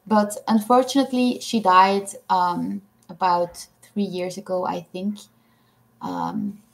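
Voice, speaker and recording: A woman hosting a casual livestream, reading viewers' comments aloud and answering them with frequent ums and little laughs. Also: mid-range voice. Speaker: livestream host.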